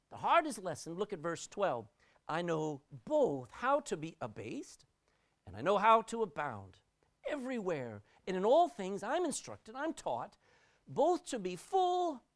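A woman preaching a sermon, swinging her voice up and down for emphasis and often repeating words as she restarts. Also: fairly low pitch. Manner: expressive, rising and dropping sharply for emphasis.

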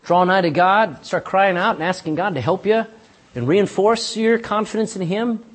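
A man's voice: high voice, moderate pace. A pastor preaching a sermon in church, folksy and emphatic, talking straight to his congregation.

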